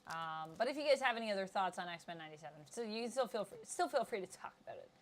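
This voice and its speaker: Chatty, excitable woman host. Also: mid-range voice, rapid-fire. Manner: chatty and excitable, laughs easily. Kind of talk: casual chat.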